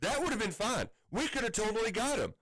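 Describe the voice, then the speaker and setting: A man's voice: high-pitched, sing-song, quick pace, a bit bright, slight background noise, low-quality recording. A man in his thirties on sports radio, telling an exasperated story with many restarts and quoted voices. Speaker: radio show co-host.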